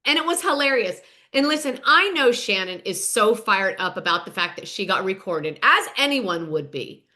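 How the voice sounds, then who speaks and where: A woman hosting a podcast, recapping reality TV in an animated, emphatic and sarcastic way. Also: medium pitch, normal speed. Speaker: podcast host.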